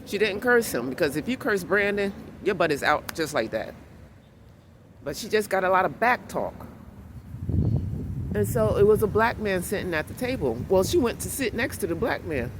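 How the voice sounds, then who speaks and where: A woman vlogging and telling a story in a blunt, animated way that turns heated. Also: mid-range voice, moderate pace. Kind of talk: casual storytelling vlog. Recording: clear outdoor street noise behind.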